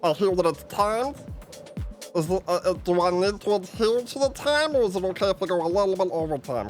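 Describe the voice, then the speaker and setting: A man's voice: high-pitched, pitched above the performer's own voice. A man doing a rambling nervous student. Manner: rambling, hesitant, polite. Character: nervous student before a timed final, male.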